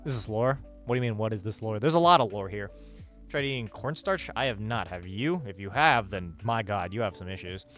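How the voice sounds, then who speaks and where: A man's voice: on the low side, expressive, fairly quick, a bit bright. A man streaming live, chatting casually with his viewers, rambling and joking with lots of swearing and "like". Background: faint music.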